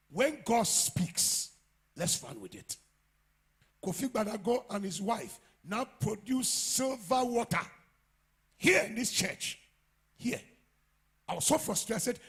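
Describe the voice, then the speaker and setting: A man with a Ghanaian English accent preaching a sermon as pastor, swinging from quiet asides to loud shouts. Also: high-pitched, slightly rough. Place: church.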